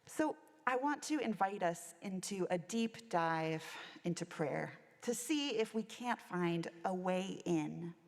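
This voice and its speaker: A woman's voice: lowish voice, animated, slow pace, hardly any pauses. A woman minister giving a reflective sermon, telling a story from her chaplaincy work. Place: church sanctuary. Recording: long church reverb.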